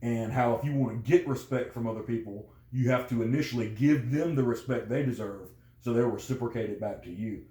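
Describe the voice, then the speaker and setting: A man's voice: mid-range voice, fairly quick, hardly any pauses, dark tone. Rambling man in an echoey room. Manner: rambling, many fillers and restarts. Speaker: guest. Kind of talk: casual conversation. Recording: roomy echo.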